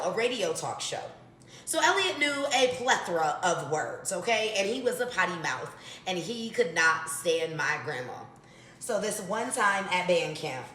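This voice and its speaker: A woman telling a funny story to her viewers in a casual, animated way. She swears freely and talks straight to the audience. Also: medium pitch, a little hiss or hum. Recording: echoey room.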